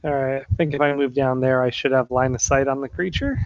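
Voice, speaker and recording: A man's voice: medium pitch, steady tone, quick pace, no room sound. A man playing in a tabletop game, cheerful and upbeat. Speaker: player. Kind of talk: casual tabletop play. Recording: dull lo-fi mic with clear background noise.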